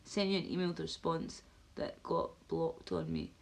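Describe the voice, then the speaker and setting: A woman's voice: low-pitched, big pitch swings, normal speed, gravelly. Rambling woman live-streaming. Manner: rambling, ranting, answers chat viewers by name. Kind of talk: casual live-stream chat.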